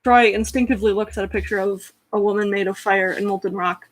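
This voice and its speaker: A woman's voice: mid-range voice, steady tone, quick pace, no room sound. A woman telling a story in a chatty, self-deprecating way with frequent fillers. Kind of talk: casual storytelling.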